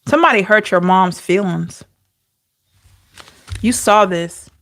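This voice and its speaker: A woman's voice: medium pitch, lively intonation, slow, fairly bright tone. A woman giving an intuitive tarot reading, emotional and talking straight to her viewers. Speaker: tarot reader.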